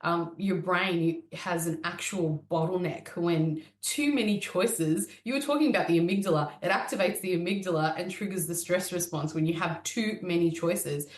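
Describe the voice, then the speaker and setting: A woman hosts a podcast in a somewhat low voice. She frames her questions with encouragement and brain science, and the recording is echoey and roomy. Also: normal speed, few pauses. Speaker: podcast host. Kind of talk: interview questions.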